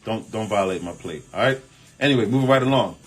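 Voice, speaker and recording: A man hosting a casual relationship advice chat, reading viewer comments and answering in an animated, emphatic, colloquial way. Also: fairly low pitch, fast talker, soft background music. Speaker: host.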